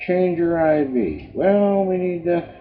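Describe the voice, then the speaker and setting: Brief: a pestering nurse with a high, singsong whine, done by a man, on a dull lo-fi recording. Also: big pitch swings, slow. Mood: nagging. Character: fussy hospital nurse waking a patient. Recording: dull lo-fi home video with faint music.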